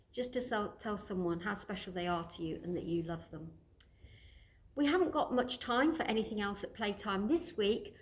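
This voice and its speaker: A woman leading a church toddler group, speaking gently in simple words to small children. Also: medium pitch. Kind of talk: children's worship session.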